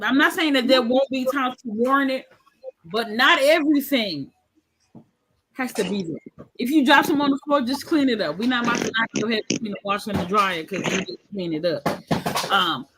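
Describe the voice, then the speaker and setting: Against a noisy background, a woman in her thirties joins a candid podcast discussion as a panelist. She has a fairly high voice and speaks with frank animation, slipping into character for quoted lines.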